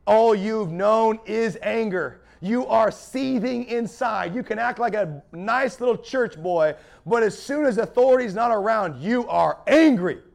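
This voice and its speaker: Fiery high-voiced gravelly preacher man. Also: animated, a little slow, few pauses. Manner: fiery, preaching with rising intensity. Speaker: pastor. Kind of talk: sermon.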